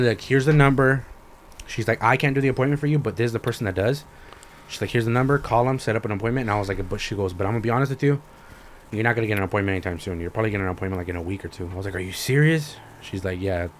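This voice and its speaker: A young man hosting a podcast, telling a story in a profane, animated rant and acting out both sides of the conversations. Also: mid-range voice, a little hiss or hum. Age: young adult. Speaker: podcast host. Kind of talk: ranting casual storytelling.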